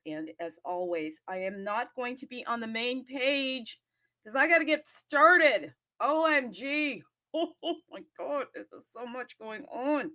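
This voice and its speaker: A woman hosting a casual live audio show, bubbly and excitable, laughing and talking to herself between bursts of enthusiasm. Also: a little high, no echo, studio quality. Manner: bubbly, excitable and playful, jumping between loud bursts and asides; frequent laughs and self-talk. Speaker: host.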